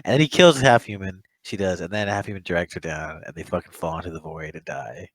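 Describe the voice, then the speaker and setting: A man's voice: low voice, a little fast, rough recording. A young man chatting casually as a podcast co-host, rambling, swearing often and laughing a lot. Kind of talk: casual chat.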